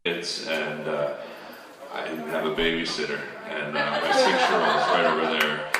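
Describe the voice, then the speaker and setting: A man's voice: a bass voice, little pitch movement, measured pace, very noisy. A man doing a stand-up set in a comedy club, chatty and riffing with the audience. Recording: distant roomy club recording. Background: audience laughter.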